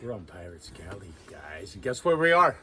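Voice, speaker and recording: A man's voice: lowish voice, big pitch swings, moderate pace, pushed and bright, slight background noise. A man hosting a casual cooking show aboard a small sailboat, rambling along and tagging nearly every sentence with "okay?".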